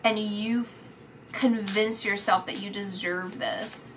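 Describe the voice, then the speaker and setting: A woman giving a psychic reading, talking in halting phrases that restart often with filler words. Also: mid-range voice, steady tone, background noise. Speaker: psychic reader. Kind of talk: intuitive reading, spoken to the camera.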